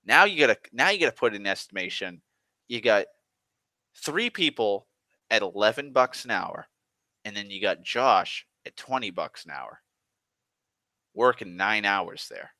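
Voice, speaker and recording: A man's voice: on the low side, animated, measured pace, long pauses, pushed and bright, dry recording. A man telling a work story as an exasperated, swearing rant, often restarting his sentences. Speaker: online storyteller. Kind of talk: profane rambling rant.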